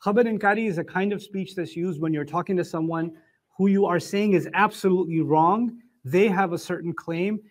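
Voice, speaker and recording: A man giving a religious lecture on the Quran, explaining points in an animated, emphatic way. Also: high voice, brisk.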